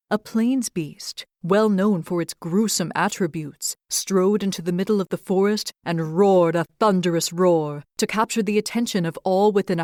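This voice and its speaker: A young adult woman hosting a podcast, reading fairy tales aloud and reflecting on faith in an earnest, expressive way. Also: lowish voice, no echo, clean studio sound. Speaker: podcast host and storyteller. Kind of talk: storybook narration and devotional reflection.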